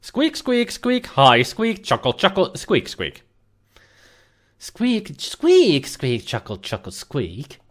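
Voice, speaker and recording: A man voicing a squeaky, chattering pet ferret as a comic gag in a game playthrough. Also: huge pitch swings, slow, full character voice. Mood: playful. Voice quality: squeaky, chittering. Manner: repeats "squeak" and "chuckle" in a high silly voice. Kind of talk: comic let's-play voice gag.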